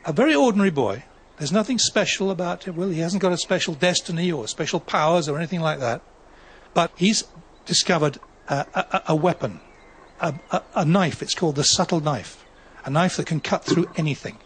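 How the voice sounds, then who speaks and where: A novelist talking about the craft of writing in a measured, wry way. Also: male voice, on the high side, breathy edge. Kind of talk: reflective talk on writing.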